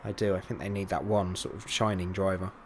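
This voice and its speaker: Low-voiced man, casual racing chat. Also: flat delivery, a little fast, a little hiss or hum. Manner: hesitant, lots of ums and restarts. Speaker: podcast co-host.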